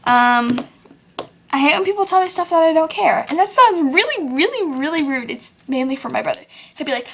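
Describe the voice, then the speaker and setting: A teenage girl ranting casually to camera in a vlog, full of "like" and quick quoted voices of other people. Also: sits high, lively intonation, slight background noise. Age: teens. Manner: chatty, lots of "like", acts out others in quotes. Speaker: vlogger.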